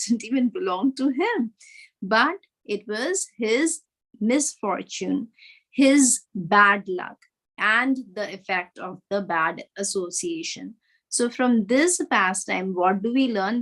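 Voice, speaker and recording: A woman's voice: on the high side, a bit bright. A woman teaching a devotional class, telling a moral story with rhetorical questions to her listeners.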